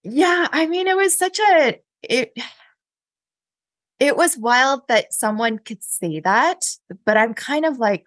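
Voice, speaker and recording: A woman, a podcast guest, recounting a personal story in a chatty, animated way with many fillers and laughs. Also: sits high, takes it slowly, no room sound. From Canada. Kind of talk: casual interview storytelling.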